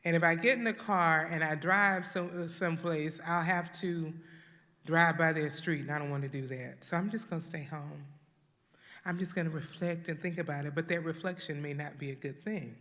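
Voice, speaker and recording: A woman's voice: deep voice, steady tone, moderate pace, fairly bright tone, in a large hall. A woman from Houston leading a church grief workshop, talking earnestly and acting out the voices of grieving people. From Houston, Texas. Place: church hall.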